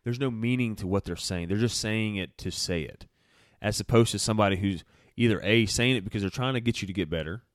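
A man's voice: lowish voice, a little fast, hardly any pauses, no echo, clean studio sound. A young man talking bluntly and emphatically in a casual chat, swearing freely.

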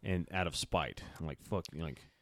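Blunt deep-voiced young man. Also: measured pace, no echo. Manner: blunt and emphatic, swears freely. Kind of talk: casual chat.

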